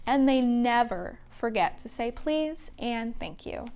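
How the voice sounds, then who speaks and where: A woman with a high voice leads a children's story time, reading a picture book aloud and singing simple songs. She speaks slowly, gently and sing-song, as if to small children. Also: lively intonation. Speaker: children's librarian.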